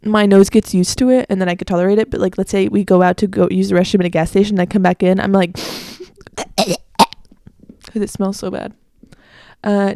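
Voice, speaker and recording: A woman's voice: mid-range voice, mellow, no echo, clean studio sound. A young woman in her late teens with an American accent, hosting a casual solo podcast chat, rambling with lots of "like"s and fixing herself as she goes, strongly opinionated. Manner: chatty and rambling, with many "like"s and self-corrections. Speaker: podcast host.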